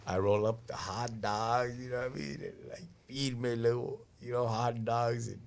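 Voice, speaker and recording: Gravelly guy on a stream, slangy, tells stories and acts out the quotes. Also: medium pitch, steady tone, moderate pace. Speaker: live stream host. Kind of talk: casual storytelling chat.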